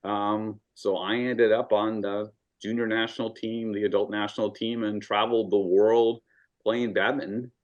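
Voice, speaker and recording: A man in his sixties with a fairly low voice chats as a guest. He tells stories in a measured, thoughtful way, pausing on ums. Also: level tone, highs cut off. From Southern California. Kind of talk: casual video-call conversation.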